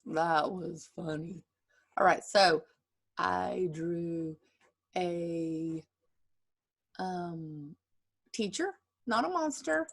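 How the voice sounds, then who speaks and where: A woman teacher giving an online drawing lesson to children, reading a picture book aloud and chatting. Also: fairly low pitch. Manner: slow and chatty, gravelly. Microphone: computer screen share.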